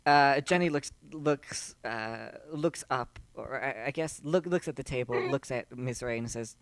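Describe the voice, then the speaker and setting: A man's voice: medium pitch, measured pace, dry recording. A man running a tabletop game as game master, narrating casually and rambling, correcting himself as he goes. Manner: rambling, self-correcting, chuckling.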